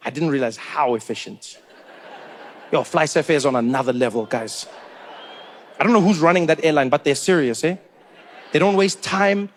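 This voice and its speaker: A middle-aged man doing a stand-up comedy routine, telling stories with animated stammered repeats. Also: fairly high pitch, moderate pace, pauses often, a little hiss or hum.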